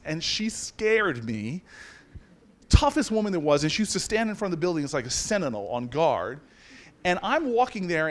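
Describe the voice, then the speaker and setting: A man in his forties telling a self-mocking story as a guest speaker in a university lecture hall. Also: high-pitched. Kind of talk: storytelling speech to an audience.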